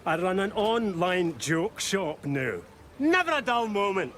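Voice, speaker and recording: An actor playing a cheeky older Glaswegian prankster in a TV sitcom, talking in a thick accent and teasing everyone. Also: male voice, sits high, sing-song, unhurried, fairly bright tone, slight background noise, heavily acted. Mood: jovial.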